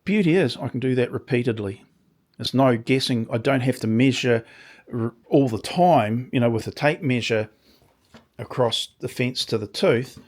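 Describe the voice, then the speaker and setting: A man with a slightly croaky voice, talking casually through a workshop demonstration with rambling asides and dry understatement. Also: medium pitch, moderate pace. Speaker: workshop video maker. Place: small home workshop.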